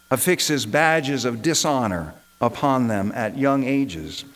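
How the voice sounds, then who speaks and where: A man's voice: medium pitch, rough recording. A man, a minister, delivering an impassioned sermon built on rhetorical repetition.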